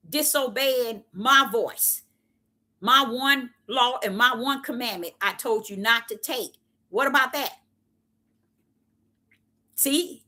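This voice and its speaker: A woman's voice: high voice, bright, forceful tone. A woman giving an impassioned Bible teaching, with an emphatic, repetitive preacher's cadence and many rhetorical questions. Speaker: self-styled prophetess preaching.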